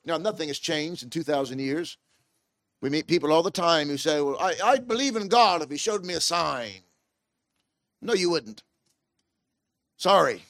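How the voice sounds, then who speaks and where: High-voiced preacher, emphatic. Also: male voice, fairly bright tone, no echo, clean studio sound. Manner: emphatic, rising and falling preaching delivery. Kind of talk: sermon.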